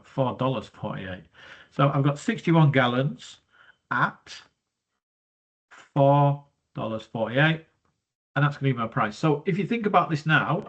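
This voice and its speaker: A husky, slightly breathy man walks through a maths exam question in a chatty, step-by-step way, thinking aloud as he goes. He sounds stuffy from hay fever and breathes through his mouth. The recording is dull and lo-fi. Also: medium pitch. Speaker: maths teacher. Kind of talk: explaining a worked exam question.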